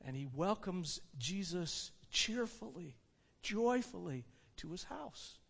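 A man preaching a sermon, retelling a story with animated delivery and frequent restarts. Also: sits high, slow, creaky, breathy edge. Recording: long hall reverb.

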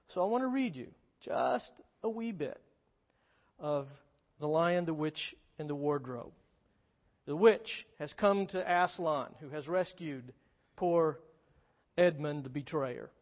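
A preacher, a man with a fairly high voice, retells a storybook tale to his listeners. His delivery swings between lively stretches and hushed ones. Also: slow pace. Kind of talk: sermon with storybook reading.

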